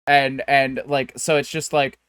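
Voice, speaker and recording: A man's voice: mid-range voice, little pitch movement, a little slow, fairly bright tone, smooth, no echo, clean studio sound. A man co-hosting a podcast in casual chat, rambling with lots of fillers and restarts. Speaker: podcast co-host.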